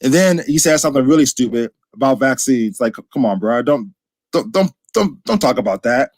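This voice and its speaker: A man's voice: mid-range voice, animated, fairly quick, darkish tone, no echo, low-quality recording. A man arguing heatedly on a panel, insulting and combative, repeating his points. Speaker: panel debater. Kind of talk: heated argument.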